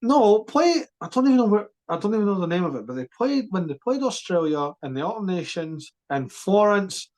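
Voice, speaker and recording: A man co-hosting a podcast, chatting about sport in an animated, emphatic way with quick restarts. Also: sits high. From Scotland. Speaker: podcast co-host. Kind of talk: casual sports chat.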